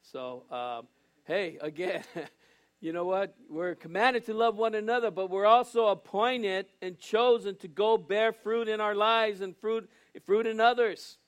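An older man preaches with a notably high voice. He speaks earnestly and straight to the congregation, circling back and repeating phrases as he builds his point. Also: measured pace, clean tone. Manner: earnest, repetitive, restarts phrases, addresses congregation directly. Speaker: pastor. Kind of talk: sermon.

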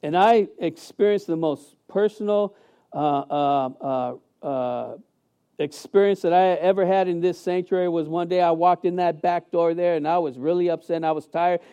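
Animated preaching man, high and mellow. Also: moderate pace, clear, resonant tone, lo-fi sound. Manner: emphatic, animated preaching with many fillers and restarts. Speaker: pastor. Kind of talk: sermon. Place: church sanctuary.

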